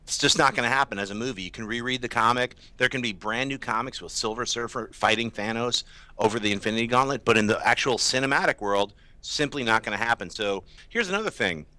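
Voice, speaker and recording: Quick and pushed-bright, a medium-pitched male voice comes through with no echo. It belongs to a hoarse movie show co-host who, in an easygoing panel discussion, offers forceful opinions and ridicules fan gripes.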